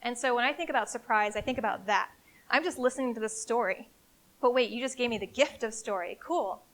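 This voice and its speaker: A woman giving a live business presentation to an audience in an event room, in an energetic, conversational and emphatic way. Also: on the high side, brisk. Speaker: CEO giving a marketing presentation. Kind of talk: live conference talk.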